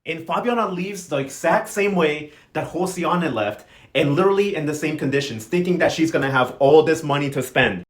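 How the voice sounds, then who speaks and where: Sassy fast-talking man recapping a soap. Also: a little high. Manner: sassy, slangy, playful quoting of characters. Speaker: novela recap host. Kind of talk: casual recap commentary.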